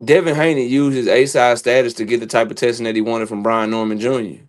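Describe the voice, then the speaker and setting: A man's voice: medium pitch, steady tone, fast talker. A man calling into a boxing live stream on his phone, ranting heatedly and stammering over repeated words. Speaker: co-host calling in. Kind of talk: casual live-stream chat.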